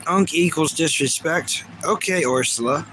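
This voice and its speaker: A man in his thirties chats casually on a livestream, reading viewer comments aloud in a rambling way with frequent restarts. His voice is a little high and a bit bright, his pace measured, with slight background noise.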